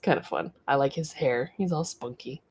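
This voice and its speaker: A woman's voice: a bass voice, moderate pace, heavy background noise. A middle-aged woman casually chatting on a livestream about her art studio, rambling and greeting viewers as she reads their comments. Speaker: artist hosting a studio livestream.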